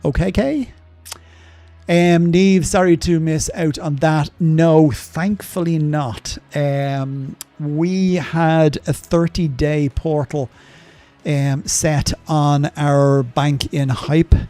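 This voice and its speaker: A man's voice: fairly high pitch, fairly even intonation, slow pace, dark tone. An older man streaming a game live, chatting casually and rambling through viewer questions with lots of ums and asides.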